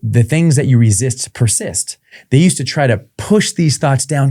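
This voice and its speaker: A man, a performance coach, telling lively stories in an interview and acting out the voices of the people he quotes. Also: mid-range voice, normal speed. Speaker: performance psychology coach, guest. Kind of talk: interview storytelling.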